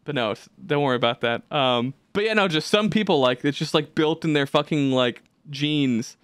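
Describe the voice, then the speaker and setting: A man's voice: a little high, moderate pace, a bit bright, smooth, dry recording, studio quality. A man co-hosting a podcast, rambling casually with lots of swearing and fillers. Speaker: podcast co-host.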